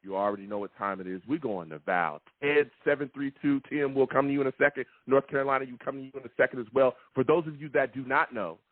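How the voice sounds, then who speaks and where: A man's voice: mid-range voice, quick pace, few pauses, no echo, narrow, tinny audio. A man hosting a sports call-in show, ranting in a fired-up, repetitive way. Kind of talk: heated sports call-in talk.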